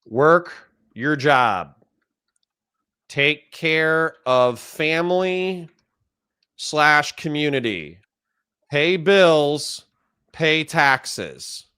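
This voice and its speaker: A man's voice: fairly high pitch, expressive, extremely slow, long pauses, bright, forceful tone, clean tone. A man hosting a reaction video, commenting on a played clip in an exasperated, sarcastic rant and thinking aloud as he types out lists.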